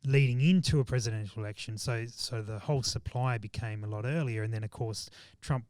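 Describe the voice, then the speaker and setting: A man's voice: medium pitch, a little fast, darkish tone, dry recording. A man, chatting casually as a guest on a podcast and rambling with frequent restarts. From Australia. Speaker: shooting business owner, guest.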